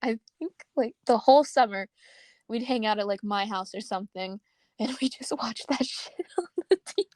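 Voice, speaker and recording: A woman's voice: on the high side, moderate pace, no room sound. Young woman, podcast co-host, casual swearing chatter, laughs a lot, dry close sound. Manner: laughing, swearing, animated storytelling. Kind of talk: casual chat.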